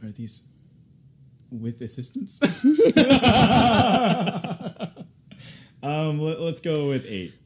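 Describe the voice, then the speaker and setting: A man's voice: a little high, very animated, drawn-out words, long pauses, breathy edge. A young man as a podcast guest, giving short, hesitant answers with a lot of "uh" and frequent laughs. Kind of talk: casual chat answering questions.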